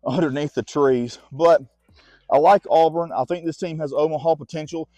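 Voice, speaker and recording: A man's voice: a little high, steady tone, moderate pace, warm tone, dry recording. Winded man chatting sports on a walk. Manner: chatty, talks to his dog between points. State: winded from walking. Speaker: sports vlogger. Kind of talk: casual sports chat while walking. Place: outdoors on a walk.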